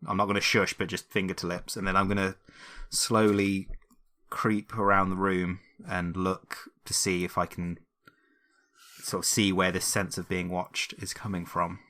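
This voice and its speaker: Man, low-pitched, bright tone, tabletop player, hesitant. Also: flat delivery, moderate pace. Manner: chatty, hesitant, with fillers. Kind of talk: playing a tabletop game.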